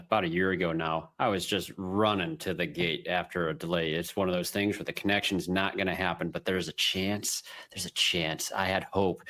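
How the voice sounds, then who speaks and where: A man hosting a podcast, chatting casually and telling an anecdote in a lively, animated way. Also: deep voice. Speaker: podcast host.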